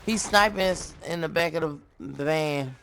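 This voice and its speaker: Gravelly-voiced man swearing over gunfire. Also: on the high side, unhurried, fairly bright tone, a little hiss or hum. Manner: profane, laid-back banter. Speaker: gaming partner. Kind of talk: casual gaming chatter. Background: video game gunfire.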